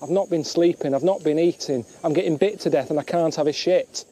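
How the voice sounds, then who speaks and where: A man moaning in a deadpan, glum way about his travels, talking to camera and to his friends. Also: fairly high pitch, fairly quick. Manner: glum, grumbling, deadpan complaints. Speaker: travelling presenter. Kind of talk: documentary monologue and chat. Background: music.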